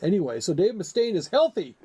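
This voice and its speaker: A man's voice: high voice, big pitch swings, a little fast, dark tone, husky. A man co-hosting a comedy podcast, chatting casually with a joking, rambling, teasing manner. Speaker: podcast co-host.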